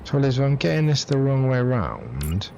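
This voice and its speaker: A man streams a building game live from a laptop at his home setup, chatting to viewers in a rambling, jokey, self-deprecating way while game music plays. His medium-pitched, creaky voice swings hugely in pitch at a moderate pace. The recording is muffled with a noisy background.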